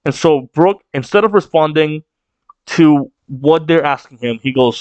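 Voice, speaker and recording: A man's voice: fairly high pitch, unhurried, darkish tone, no room sound, dull audio. A man giving casual, rambling reaction commentary on a manga chapter, full of fillers and swearing.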